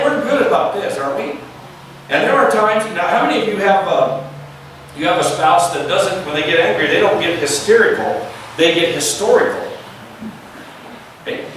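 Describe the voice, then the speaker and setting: A male pastor preaching a lively sermon, asking the congregation questions and acting out the voices he quotes. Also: high-pitched. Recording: echoey room, mic at a distance, faint background noise.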